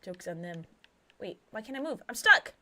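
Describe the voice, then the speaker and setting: A young woman streaming a horror game, whispering game text softly and then chatting loudly and excitedly. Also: mid-range voice, normal speed. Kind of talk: live gameplay commentary.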